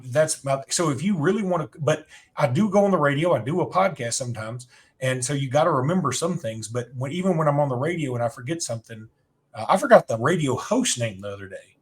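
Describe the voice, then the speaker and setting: A man from Alabama talking in a loose, chatty way on a sports podcast. He rambles through his stories and pokes fun at himself as he goes. His pitch sits in an ordinary middle range. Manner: rambling storyteller, self-deprecating. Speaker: podcast co-host. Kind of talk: casual sports chat.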